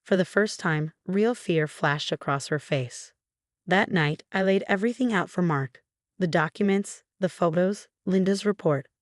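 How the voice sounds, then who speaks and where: Woman with a dry, low-ish narrating voice. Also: unhurried, no room sound. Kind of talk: scripted first-person story narration.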